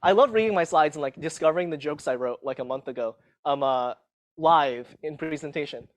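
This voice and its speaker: A man's voice: a little high, fairly quick. A man teaching a live university class in a casual, self-mocking way, often checking in with the students. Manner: casual, self-mocking, tags sentences with "okay?". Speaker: university lecturer. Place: lecture hall.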